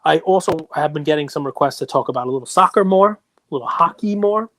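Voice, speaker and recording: A man co-hosting a sports card podcast in casual, animated chat that rambles on in long runs. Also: fairly high pitch, fast talker, dry recording. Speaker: podcast co-host.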